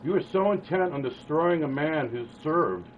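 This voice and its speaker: A man's voice: a little high, animated, normal speed. A middle-aged man arguing with his adult son, swearing often and repeating himself in stammering bursts. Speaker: father. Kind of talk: heated family argument. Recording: tinny phone line with faint hiss.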